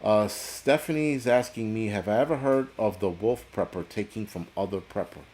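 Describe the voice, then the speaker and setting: A man with a lowish voice rants on a casual livestream, blunt and rambling. He swears constantly and answers viewer chat as he goes. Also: moderate pace, a little mellow. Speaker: livestream host reading chat. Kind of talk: casual profane livestream rant.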